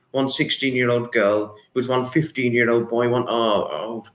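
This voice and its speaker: A man hosting a casual livestream, reading out viewer comments in an emotional, repetitive way. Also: a little high. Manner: emotional, repetitive, dwells on words. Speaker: livestream host. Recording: echoey room.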